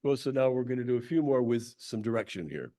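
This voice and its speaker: Man coaching a group, clearing his throat. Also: mid-range voice, lively intonation, fast, warm tone. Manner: coaching, directive instructions. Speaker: speaker leading a Sunday talk. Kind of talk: leading a group laughter exercise.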